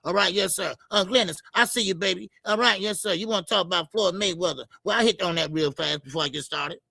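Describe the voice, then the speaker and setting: A man hosting a casual boxing livestream, greeting viewers by name and repeating "yes sir" and "all right" between shout-outs. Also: high voice, fast, vocal fry, dry recording. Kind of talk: casual live-stream chat.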